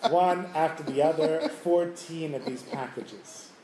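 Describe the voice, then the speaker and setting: A man tells a Hasidic tale to a class, lively and chuckling now and then. His voice is fairly high and mellow. The room echoes, with a faint ambience behind. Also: slow pace. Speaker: Torah teacher. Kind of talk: storytelling Torah class. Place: room with listeners.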